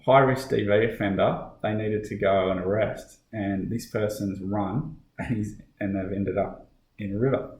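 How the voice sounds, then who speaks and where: Be an Australian policeman recounting a hard shift, lower voice, roomy echo. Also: steady tone, moderate pace, a little mellow. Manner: conversational storytelling, frequent fillers and restarts. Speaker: guest, police officer. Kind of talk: casual podcast interview.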